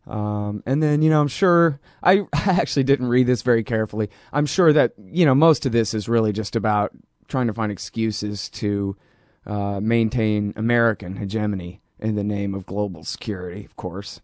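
A man's voice: fairly low pitch, normal speed, a little mellow, no room sound, studio quality. A man hosting a political talk show, talking in a casual, rambling and sarcastic way. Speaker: radio show host.

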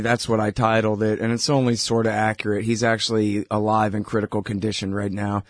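A man's voice: fairly low pitch, level tone, brisk, few pauses, no room sound, studio quality. A male radio host giving blunt, heated political commentary in a conversational way, with frequent fillers.

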